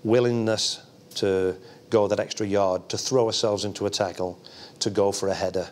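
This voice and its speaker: A former footballer describing his team's readiness in an interview, measured and earnest. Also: fairly low pitch, fairly even intonation. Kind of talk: retrospective interview.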